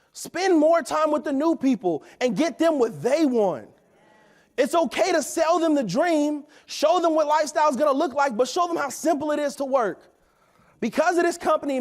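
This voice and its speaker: A man in his thirties, his pitch extremely high, pumps up a company event with a preachy, energetic motivational talk punctuated by frequent "right?" questions.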